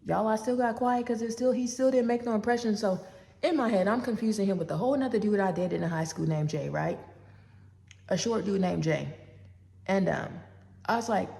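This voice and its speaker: A woman in her forties telling a personal story in a casual, animated way. She acts out both sides of a phone call and keeps talking straight to her listeners. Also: mid-range voice, moderate pace, creaky. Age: 40s. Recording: long reverb.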